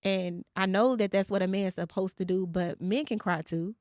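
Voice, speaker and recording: A woman's voice: medium pitch, moderate pace, a little mellow, dry recording. Young woman podcast host. Candid, profane, emotional storyteller, dry close mic. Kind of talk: casual podcast chat.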